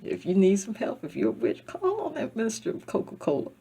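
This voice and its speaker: A woman vlogging a rambling, emotional personal monologue, tearful and repetitive, dropping from loud outbursts to near-whispers. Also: on the high side, huge pitch swings, a little fast, gravelly, slightly rough.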